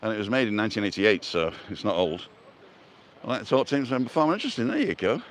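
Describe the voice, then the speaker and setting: A man's voice: fairly low pitch, big pitch swings, quick pace, slight background noise. Joking man chatting on a walk. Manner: chatty, self-mocking, punning jokes. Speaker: vlogger and live-stream host. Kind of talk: casual walking live-stream chat. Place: outdoors, walking along a street in a seaside resort. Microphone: handheld phone camera.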